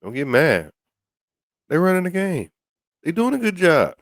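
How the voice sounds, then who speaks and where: A man's voice: unhurried, dry recording, clean studio sound. A man hosting a podcast, talking casually with many restarts and repeated words. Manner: stammering restarts, lively pitch swings. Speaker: podcast host. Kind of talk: casual commentary.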